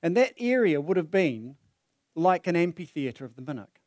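A man preaches a sermon, acting out the story with plenty of energy and his voice rising and falling. His voice sits slightly high for a man. The sound is close and dry, picked up on a microphone. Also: normal speed, no echo. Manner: animated, dramatizing the story with voices. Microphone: handheld or stand mic.

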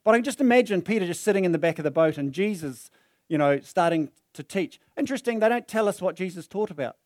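A man's voice: high voice, quick pace, studio quality. A man, preaching a sermon and telling the story vividly, speaking into a microphone in a church hall. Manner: animated, dramatizing the story with voices. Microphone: handheld or stand mic.

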